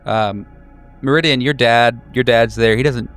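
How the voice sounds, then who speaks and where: A man narrating as game master of a tabletop horror game, describing scenes with frequent halting fillers. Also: mid-range voice, a bit bright, smooth, soft background music.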